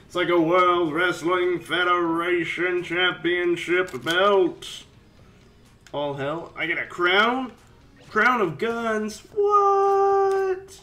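A man giving casual let's-play commentary, rambling and chatty with sudden excited yelps. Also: fairly high pitch. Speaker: game commentator.

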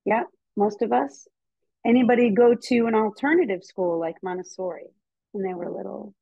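An American woman giving a lively, chatty talk to teachers and parents over a video call, with frequent ums. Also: mid-range voice, moderate pace, vocal fry, breathy edge, no room sound. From United States. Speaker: speaker on child development. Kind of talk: casual lecture to teachers and parents. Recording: dull, slightly muffled video call audio.

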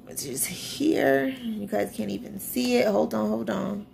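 Gravelly-voiced woman chatting about her budget. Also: mid-range voice, measured pace, a little mellow, a little hiss or hum. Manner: chatty, reads figures off a screen, self-deprecating. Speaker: budgeting vlogger. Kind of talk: casual budget walkthrough to camera.

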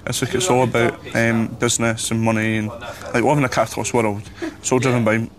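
A man's voice: medium pitch, flat delivery, brisk. A Scottish man in casual chat on a reality show, patiently explaining things.

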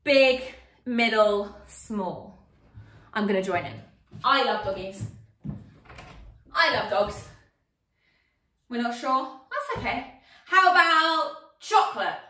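Lady running a kids yoga class online, high and super animated, bit roomy and off-mic. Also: slow pace, long pauses, distant mic. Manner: animated, playful, sing-song with children.

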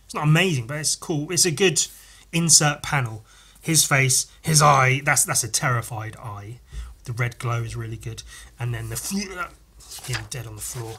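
Bright-voiced, foul-mouthed man gushing over comics. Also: medium pitch, a little slow, pauses often, breathy edge. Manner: profane, rambling, enthusiastic. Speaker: podcast host reviewing comics. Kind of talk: casual chat.

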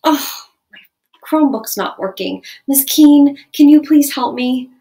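A cranky young schoolgirl whines her demands in a high, piercing voice, as a woman acts her out. The voice sits far above a grown-up's and comes out loud and strained. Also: animated, a little slow. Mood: polite pleading. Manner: shrill whiny demands, then polite pleading.

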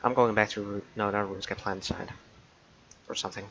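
A man's voice: on the low side, steady tone, quick pace, a bit bright, slight background noise, rough recording. A man giving casual gaming commentary, muttering irritably and swearing a lot. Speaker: gameplay commentator. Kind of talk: casual let's play commentary.

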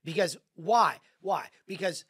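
A man's voice: sits high, expressive, a little slow, a bit bright, breathy edge. A man co-hosting a sports talk show, getting worked up and firing off exclaimed questions. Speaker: co-host.

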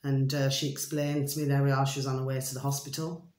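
A woman's voice: rumbling low, flat delivery, quick pace, a little mellow. A woman, rambling to camera in a chatty, digressive monologue, repeating the same pet phrase for her viewers. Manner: chatty, repetitive, keeps saying "my delicious little babies"; loose and digressive with many fillers. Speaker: vlogger. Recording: roomy echo.

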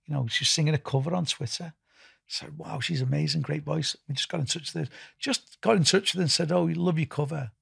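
A man's voice: fairly high pitch, brisk, creaky, a bit bright, breathy edge, no room sound, studio quality. A middle-aged man with a Liverpool accent, being interviewed as a festival founder, rambling with lots of restarts and "you know". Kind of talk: casual interview talk.

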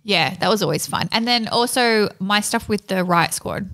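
A woman's voice: mid-range voice, fairly bright tone. Chatty, joking woman podcast co-host. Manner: chatty, joking, quick asides. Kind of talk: casual chat.

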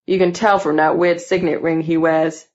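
A woman doing a deep-voiced mocking schoolboy. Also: little pitch movement, normal speed, a little mellow, lo-fi sound, natural voice. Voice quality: put-on deep bass voice. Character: teenage schoolboy, loud mocking needler. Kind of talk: audiobook character voice.

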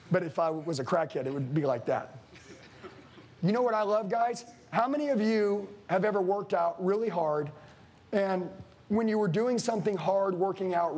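A man with a high-pitched voice delivers a fired-up sales seminar. He is blunt and preachy, swears casually, and keeps turning to the crowd in front of him. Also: a little mellow. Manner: intense, preachy, swears casually, addresses the room directly. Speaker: sales trainer. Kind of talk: motivational seminar speech. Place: room with a live audience.

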